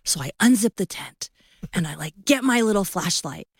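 Guest author, woman, fifties; animated storyteller, mid-pitched, dry close recording. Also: moderate pace, husky, no room sound. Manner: animated storyteller acting out voices. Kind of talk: storytelling in a radio interview.

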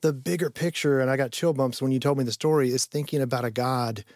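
A man's voice: medium pitch, fairly even intonation, fast, a little mellow, dry recording. Radio producer, man: reflective, eager to jump in, dry close sound. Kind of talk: casual studio chat.

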